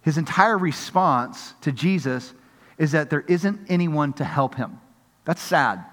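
A male pastor delivering a sermon with animated preaching that acts out the voices of people in the story. His voice sits a little high for a man. The sound carries a long reverb, as in a large hall. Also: measured pace.

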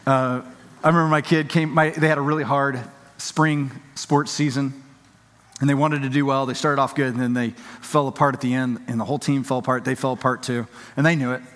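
A man's voice: medium pitch, little pitch movement, brisk, fairly bright tone. A man preaching a sermon in a conversational, emphatic way, acting out quotes and often restarting his sentences. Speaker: pastor. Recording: long reverb of a large hall.

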